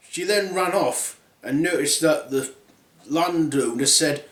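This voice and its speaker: A man's voice: on the high side, normal speed. A man telling a comic fairy tale in a casual, crude, rambling way. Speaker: storyteller. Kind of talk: comic storytelling. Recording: roomy echo.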